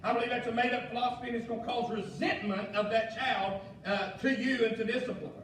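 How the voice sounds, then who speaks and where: A male pastor, preaching a fiery sermon with shouted emphasis and folksy asides. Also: very high-pitched, fairly even intonation, fast. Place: church sanctuary. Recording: echoey church hall, mic far off, faint noise.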